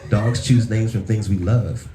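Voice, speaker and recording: A man voicing a male dog who talks in a calm, earnest way during a stand-up set. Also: lowish voice, unhurried, lightly acted. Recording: echoey club with loud crowd laughter. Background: audience laughing.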